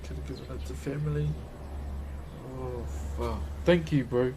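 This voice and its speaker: A man's voice: mid-range voice, fairly even intonation, measured pace, very noisy. A New Zealand man livestreaming as he carves wood, chatting casually with viewers, swearing often and thanking them as brother. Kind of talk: casual chat to stream viewers.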